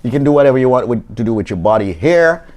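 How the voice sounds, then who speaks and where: A man's voice: medium pitch, expressive, quick pace, a little mellow. A male radio co-host in a mid-range voice, announcing the show and repeating the call-in details in a promotional way. Between announcements he drops dry comebacks to his partner's jokes. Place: law office studio.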